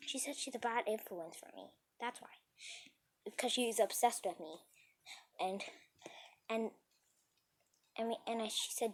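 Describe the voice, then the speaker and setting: A woman's voice: on the high side, a little slow, pauses often, a little hiss or hum. A woman telling a casual storytime tale, rambling and breathless as she goes.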